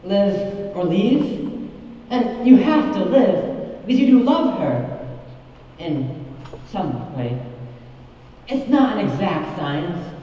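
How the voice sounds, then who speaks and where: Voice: medium pitch, sing-song, takes it slowly, pauses often, slight background noise. A young stage actor playing a wistful middle-aged man who confides in the audience. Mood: confiding. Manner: confiding, musing asides to the audience. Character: wistful middle-aged male musical fan. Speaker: narrator. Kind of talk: stage musical acting. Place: theater stage. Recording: dull, echoey stage hall from far off.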